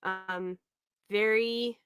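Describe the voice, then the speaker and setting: A woman's voice: mid-range voice, fairly even intonation, extremely slow, fairly bright tone. A young woman telling a family story in a casual, rambling way, often laughing as she talks. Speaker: podcast host.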